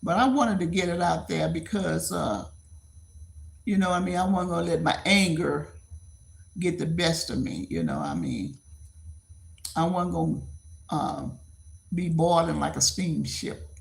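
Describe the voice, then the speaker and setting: A woman's voice: on the low side, expressive, a little slow, gravelly, pauses often. A woman in her seventies talking bluntly to viewers on a casual livestream, often repeating herself. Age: 70s. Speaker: livestream host.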